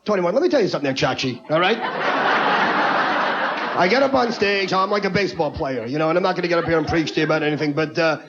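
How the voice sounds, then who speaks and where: A man's voice: fairly high pitch, lively intonation, a crowd in the background. A man doing a brash, ranting stand-up comedy set on stage before a live audience. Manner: brash, rapid-fire, ranting. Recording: lo-fi TV broadcast with audience.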